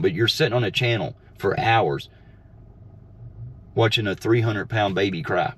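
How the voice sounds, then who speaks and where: A man's voice: lowish voice, animated, normal speed, a bit bright. A man streaming from his car, ranting in a profane, combative and mocking way. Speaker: streamer and delivery driver. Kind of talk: ranting livestream monologue. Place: inside a car. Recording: clear car and street noise. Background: car road noise.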